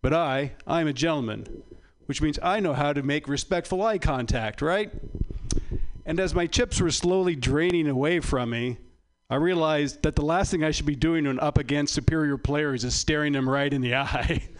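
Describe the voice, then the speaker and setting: A man's voice: fairly high pitch, moderate pace. A man doing a stand-up set, delivering wry, dry punchlines. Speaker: stand-up comedian.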